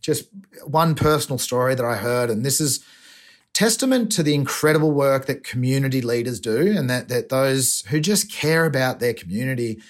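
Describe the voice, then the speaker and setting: A guest recounts a story with earnest feeling. He restarts his sentences often, and his voice sits at an ordinary, middle pitch for a man. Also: moderate pace. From Australia. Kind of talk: emotional storytelling.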